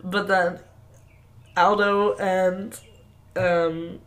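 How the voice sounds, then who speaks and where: A woman's voice: fairly low pitch, little pitch movement, very slow. A woman co-hosting a casual movie podcast, laughing often and acting out quotes in silly voices. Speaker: podcast co-host.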